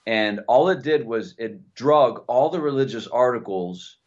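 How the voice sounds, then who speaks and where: A man in casual chat, telling an animated story with many restarts and repeated words. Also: medium pitch, measured pace. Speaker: co-host. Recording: dull lo-fi sound.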